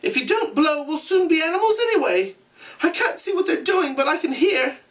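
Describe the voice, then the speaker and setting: A man reading aloud, voicing an anxious, shrill, plump boy who scolds and pleads in a squeaky high voice. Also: expressive, brisk, fairly bright tone, distant mic. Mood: shrill, pleading.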